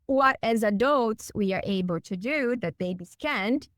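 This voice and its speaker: A woman's voice: on the high side, animated, unhurried, no echo. A woman guest on a podcast, speaking earnestly and emphatically, building her points with repeated phrases. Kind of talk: heartfelt conversational podcast talk.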